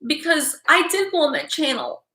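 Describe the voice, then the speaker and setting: High, tearful woman psychic on a livestream. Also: big pitch swings, sharp tone, echoey room. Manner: halting, repeats herself, near tears. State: fighting back tears. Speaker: psychic tarot reader. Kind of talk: emotional livestream talk to viewers.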